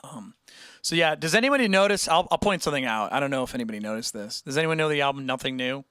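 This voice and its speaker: Bright, rambling livestream musician. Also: male voice, medium pitch, fast talker, clear, resonant tone, no echo, clean studio sound. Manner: rambling, animated, many restarts and fillers. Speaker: musician hosting a livestream chat. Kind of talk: casual livestream chat with viewers.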